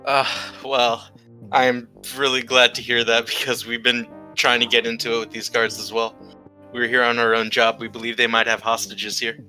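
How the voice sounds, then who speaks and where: A man playing a tabletop role-playing game, speaking casually and hesitantly with many pauses. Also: mid-range voice, level tone, pushed and bright, faint music behind, poor audio. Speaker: player. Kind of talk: casual in-character play.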